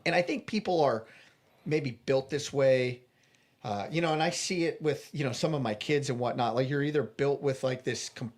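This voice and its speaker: A man being interviewed, earnestly retelling a personal story with animated restarts. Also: medium pitch. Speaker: interview guest.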